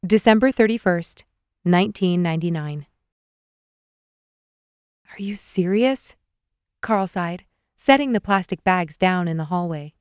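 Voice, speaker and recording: A woman's voice: fairly low pitch, lively intonation, moderate pace, darkish tone, clean tone, no room sound, clean studio sound. A young adult woman reading a novel aloud as an audiobook narrator, giving the characters small shifts in voice. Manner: reads dialogue with light shifts for each character. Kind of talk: scripted narration.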